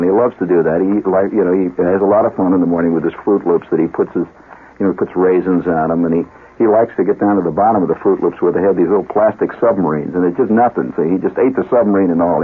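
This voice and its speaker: A man's voice: deep voice, slightly rough. A man hosting a radio show, telling a long comic story in a rambling, digressive way with asides. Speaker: radio host. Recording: narrow, lo-fi 1970s radio broadcast.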